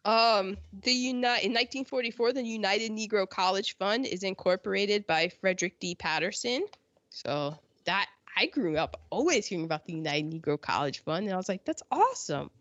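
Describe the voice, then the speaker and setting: A woman's voice: medium pitch, normal speed, a bit bright, no echo. An American woman hosting a casual history chat, sarcastic, often mocking people in quoted voices. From United States. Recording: dull lo-fi sound.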